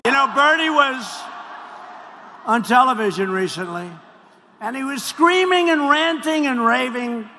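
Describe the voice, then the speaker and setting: A man gives a rambling, mocking rally speech, circling back to the same phrases again and again. His voice sits high and bright and swings widely in pitch. It comes through a podium mic in a big hall, with long reverb and faint noise behind it. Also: animated, unhurried. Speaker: political speaker at a rally.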